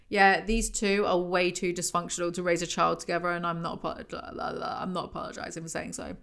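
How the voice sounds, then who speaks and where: A woman's voice: lowish voice, steady tone, brisk, creaky, few pauses, a bit bright. Female host for a comedic book review, sarcastic and mocking, reads excerpts aloud.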